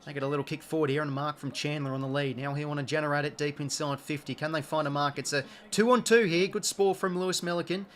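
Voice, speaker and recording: A man's voice: fairly high pitch, fairly even intonation, fast talker, few pauses, a little hiss or hum. A young Australian man hosting a live sports watch-along, chatting casually and reacting to the play. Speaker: live stream host.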